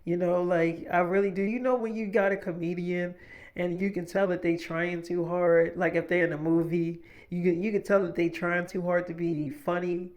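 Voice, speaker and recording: A young man telling a casual story in a rambling, profane way, often repeating himself. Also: high voice.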